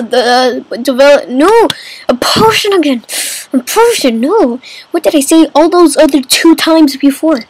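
A woman's voice: high-pitched, expressive, measured pace, rough recording. A woman giving casual let's-play commentary on a kingdom game, chatty and exclaiming, calling everyone man and dude. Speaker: gamer playing a kingdom game.

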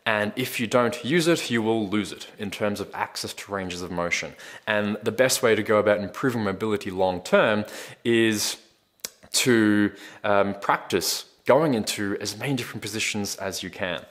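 Low-voiced man explaining fitness questions. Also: normal speed. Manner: relaxed, explanatory, frequent ums and repeated words. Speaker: fitness coach answering viewer questions. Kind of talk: casual Q&A explainer.

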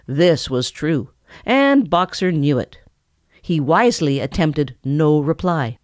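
A woman narrating a children's animal storybook aloud, gently putting on the characters. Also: low-pitched, expressive, slow pace, no room sound, studio quality. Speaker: audiobook narrator.

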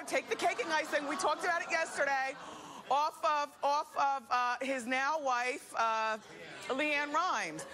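A woman's voice: high-pitched, sharp tone, slight background noise. A woman from New Jersey hosting a talk show, chatting animatedly and laughing often in a studio with an audience. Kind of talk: talk show gossip commentary.

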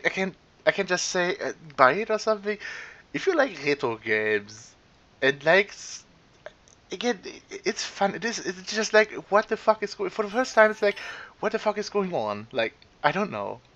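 Excitable man yelling at a retro game. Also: high voice, muffled recording. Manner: excitable, yelps and shouts at the game, swears, then rambling summary with restarts. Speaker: gaming channel host. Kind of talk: let's play commentary.

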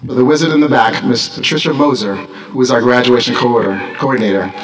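A man's voice: medium pitch, fairly quick, recorded from a distance, very noisy. A middle-aged man, a school principal, giving a commencement speech, formal with dry jokes. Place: large graduation ceremony.

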